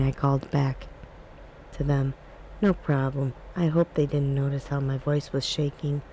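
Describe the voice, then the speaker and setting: This is a woman reading a spooky story in a soft ASMR style. Her voice is mellow and warm, and her pacing is calm and even. A faint background hiss sits under the reading. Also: a bass voice, poor audio. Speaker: ASMR book reader.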